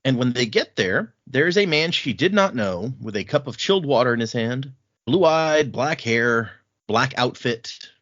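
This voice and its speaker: A man's voice: mid-range voice, expressive, moderate pace, fairly bright tone, no echo. A man hosting a casual book discussion podcast, retelling scenes and acting out the characters' lines. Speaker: podcast host. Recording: dull, muffled audio.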